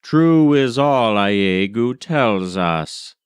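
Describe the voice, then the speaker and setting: A man voicing a grave, wise male chief describing a vision, solemn and measured. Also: medium pitch, expressive, smooth, no echo.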